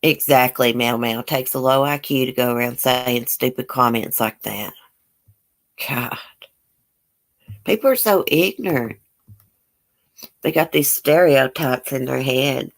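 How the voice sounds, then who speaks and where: A woman with a rumbling low voice and a broad Southern country accent hosts a casual YouTube livestream, reading and answering viewer comments a little slowly with long pauses. Blunt and outspoken, she swears without hesitation and speaks in a folksy drawl.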